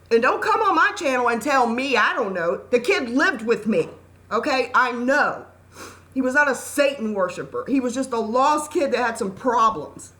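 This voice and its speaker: Earnest, scolding woman with a higher voice. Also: a bit bright. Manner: earnest, scolding, emphatic, preachy. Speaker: channel host. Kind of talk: impassioned talk to camera.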